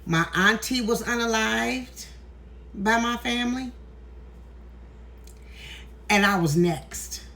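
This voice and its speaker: A woman's voice: fairly high pitch, takes it slowly, long pauses, bright, forceful tone. Emotional woman preaching into her phone. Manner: emphatic, preachy, emotional, swears freely. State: near tears. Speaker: tarot content creator. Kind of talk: emotional vlog monologue. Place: indoors, walking in a hallway.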